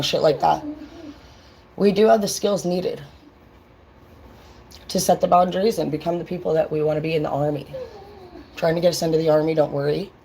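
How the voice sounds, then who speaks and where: A woman's voice: on the low side, darkish tone, slight background noise, low-quality recording. A woman vlogging in a casual livestream rant, blunt and profane, talking straight to her viewers.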